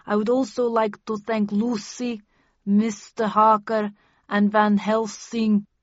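Woman doing a pale vampire count, soft voice, slight lisp, dry dull recording. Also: medium pitch, little pitch movement, takes it slowly, dry recording, natural voice. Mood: gracious.

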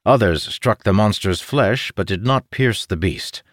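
A man reading a fantasy audiobook in a steady, measured scripted narration. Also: fairly low pitch, no echo, studio quality.

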